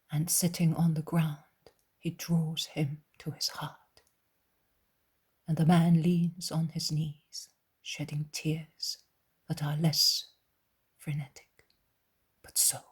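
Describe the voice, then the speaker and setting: A woman narrating an audiobook in a soft, near-whispered reading voice. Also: low-pitched, slightly rough. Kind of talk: scripted narration.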